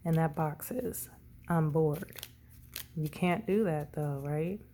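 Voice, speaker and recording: A woman's voice: low-pitched, measured pace, mellow, a little hiss or hum. A woman doing a casual tarot reading, rambling and often correcting herself. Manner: rambling, self-correcting, tongue-tied. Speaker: tarot reader.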